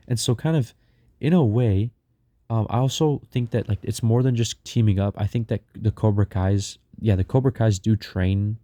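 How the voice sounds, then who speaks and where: A young man talks his way through a long story in a loose, rambling way, stacking fillers and restarts. His voice sits low and sounds very dark and mellow. The sound is dry and close, with no room around it. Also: dry recording. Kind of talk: casual storytelling.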